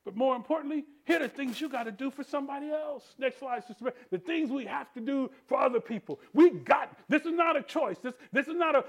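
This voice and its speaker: A male pastor preaching a sermon in church, calling out to the congregation and swinging between hushed tender asides and shouted refrains. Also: very high voice, expressive, a little fast, hardly any pauses, breathy edge. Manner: preaching with call-and-response, rising to shouts; drops to soft tender voice for quoted lines.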